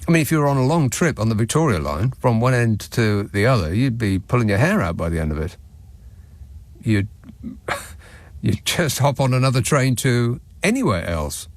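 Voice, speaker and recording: A man's voice: mid-range voice, sing-song, moderate pace, dry recording. A man hosting a late-night radio phone-in, his voice swooping up and down as he reads texts with dry, sardonic mock indignation. He sounds close and dry on a studio microphone.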